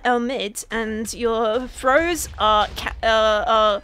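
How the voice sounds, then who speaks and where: High-voiced young woman rambling through gameplay. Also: slow pace, a bit bright, a little hiss or hum. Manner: rambling, comically dramatic and self-mocking. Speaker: gaming YouTuber. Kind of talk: casual gameplay commentary.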